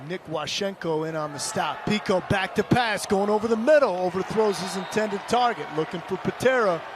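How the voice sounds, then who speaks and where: A man calling a high school football game play by play, rising to excited calls on big plays. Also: normal speed, background noise. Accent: Michigan. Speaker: play-by-play announcer. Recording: broadcast booth over loud stadium crowd.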